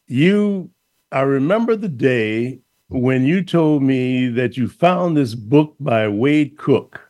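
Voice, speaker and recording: A man's voice: mid-range voice, animated, slow, darkish tone, no echo. A man hosting a radio talk show, speaking casually with hesitant fillers as he draws his guest out. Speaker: host.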